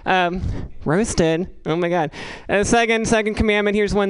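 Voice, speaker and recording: A woman doing a stand-up comedy set, rambling and halting, with crude asides delivered deadpan. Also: medium pitch, clear, resonant tone, low-quality recording.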